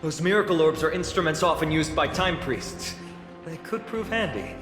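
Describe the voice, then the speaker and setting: A man's voice: on the high side, expressive, normal speed, natural voice. A man playing a resolute young hero rallying his friends. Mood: determined. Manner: resolute and upbeat, rallying companions. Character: determined young male hero leading a quest. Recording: reverberant game audio with loud music.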